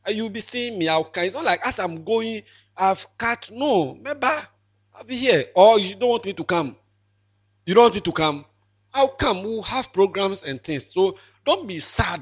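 A man's voice: high voice, lively intonation, moderate pace, slightly rough. A young man in his twenties with a Ghanaian accent, a pastor giving an emotional, joking farewell sermon with lots of repetition. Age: 20s.

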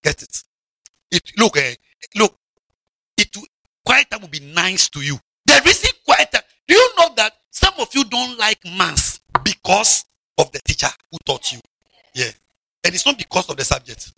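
A man preaching a lively, mocking sermon to children, shouting and drawling words for emphasis. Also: high voice, moderate pace, creaky, husky, no echo.

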